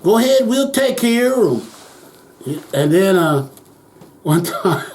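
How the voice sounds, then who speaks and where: A man's voice: sits high, big pitch swings, slow, darkish tone, a little hiss or hum. An older man recounting childhood memories in an oral history interview, acting out the voices of people he quotes and chuckling as he goes.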